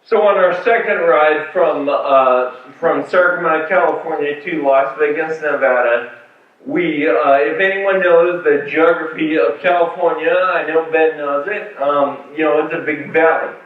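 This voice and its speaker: In a talk with slides, a man with a somewhat high voice recounts a personal patient story a little slowly, full of fillers and restarts. It's captured by a distant mic in an echoey hall and sounds phone-like.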